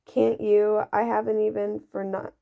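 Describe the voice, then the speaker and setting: Woman reading as a courtly old ghost gentleman. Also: mid-range voice, flat delivery, measured pace, creaky. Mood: wistful. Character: centuries-old male ghost, courtly and wistful. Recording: dull lo-fi recording.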